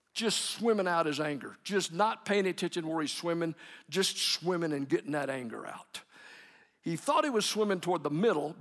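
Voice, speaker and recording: A middle-aged male preacher tells sermon stories in a gravelly voice pitched a touch high. He chuckles often and sinks to near whispers. His voice rings through a church hall. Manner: warm anecdotes with chuckles, dropping to near whispers. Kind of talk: sermon storytelling. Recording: echoey hall.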